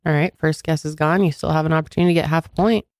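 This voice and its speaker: Playful young woman hosting, slightly low voice. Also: steady tone, darkish tone, no room sound, clean studio sound. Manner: playful, teasing, quick to laugh. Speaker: podcast co-host running a drink guessing game. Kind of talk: casual chat.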